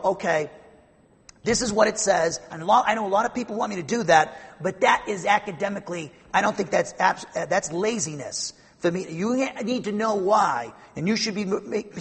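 A man's voice: sits high, fairly bright tone, slightly rough. A man teaching a Bible passage verse by verse, explaining and emphatic, often restarting his sentences. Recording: long hall reverb.

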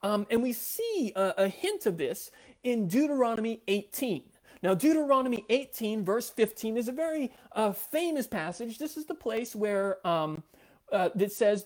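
A woman's voice: fairly high pitch, lively intonation, normal speed, darkish tone. A woman giving an explanatory lecture on scripture, thoughtful, with frequent fillers and restarts. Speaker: biblical studies lecturer.

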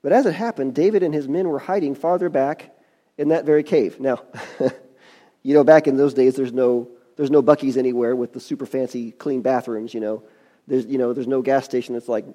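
A man's voice: medium pitch, normal speed, mellow. A man preaching a sermon, reading scripture and adding folksy, conversational asides.

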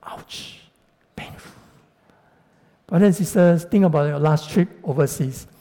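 Middle-aged man, sermon, earnest direct address to the congregation, very dark mellow voice, long hall reverb. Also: on the high side, fairly quick. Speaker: preacher.

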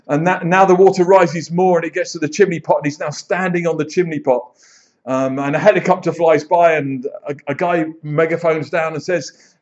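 A man preaching a sermon in church, telling stories with lively acted-out quotes. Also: a little high, moderate pace. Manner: animated storyteller, acts out quoted voices. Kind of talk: sermon with storytelling. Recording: dull lo-fi sound.

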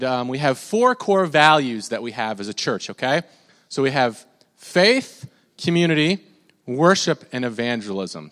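A man delivering a sermon to his congregation in a mid-pitched voice. He is animated and talks with the people, asking them to repeat words back. The sound carries a long reverb from a large church hall. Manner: animated, leads congregation call-and-response. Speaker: pastor. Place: church sanctuary.

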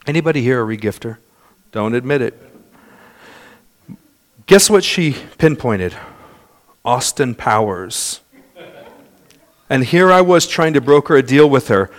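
A man preaching a sermon as pastor, swinging between loud, fast passages and soft, slow ones, and telling stories in others' voices. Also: mid-range voice, sing-song. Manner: dynamic preaching with wide swings in loudness and pace; storytelling with imitated voices of others.

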